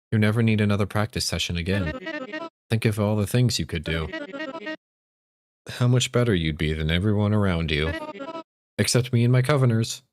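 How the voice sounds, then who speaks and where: A man's voice: sits low, dry recording, natural voice. A man voicing a female witch teacher who pleads and then lays down terms, reading game dialogue aloud on stream. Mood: persuasive.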